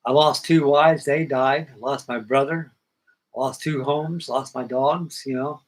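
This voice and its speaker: A man's voice: mid-range voice, fairly even intonation, unhurried, rough recording. An older man with a middling voice telling a rambling personal story. He speaks in a plain, folksy way and acts out the old conversations as he goes. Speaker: hobby model-building livestream host.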